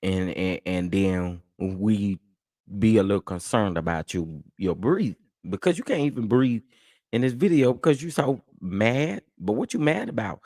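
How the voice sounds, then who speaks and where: A man with a lowish voice hosts a casual livestream commentary. He talks in a chatty, dismissive way, laughing between remarks, and the sound is dry and close. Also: animated, measured pace, a little mellow, dry recording. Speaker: host of a commentary channel.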